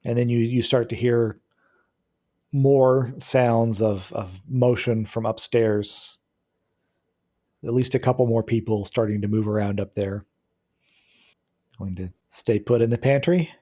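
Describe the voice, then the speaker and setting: A man narrating a tabletop game as game master, describing scenes in a halting way. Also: medium pitch, fairly even intonation, dark tone.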